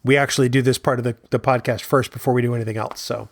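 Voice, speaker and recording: A man's voice: mid-range voice, racing, no echo, studio quality. A man co-hosting a podcast, telling long funny anecdotes in casual chat. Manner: storytelling, animated anecdotes. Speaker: podcast co-host.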